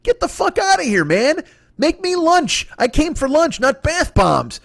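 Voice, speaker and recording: A man's voice: extremely high pitch, wildly swooping pitch, a little slow, gravelly, a bit bright, no room sound, clean studio sound. A man doing a solo comedy podcast rant, profane and exasperated. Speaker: comedian host.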